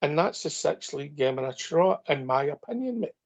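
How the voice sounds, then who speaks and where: A man's voice: on the high side, expressive, a little fast. A Scottish man co-hosting a fan phone-in, making firm, emphatic points in casual chat.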